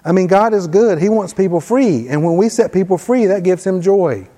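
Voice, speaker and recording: Guy preaching a sermon, high mellow voice, chatty, long echo like a big church hall. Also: moderate pace. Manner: conversational, reads scripture aloud with emphasis.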